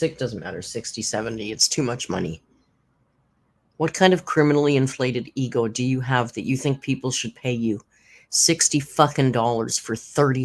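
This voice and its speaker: Sarcastic low-voiced woman. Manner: sarcastic, blunt, swears freely. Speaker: commentary channel host. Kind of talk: reaction commentary.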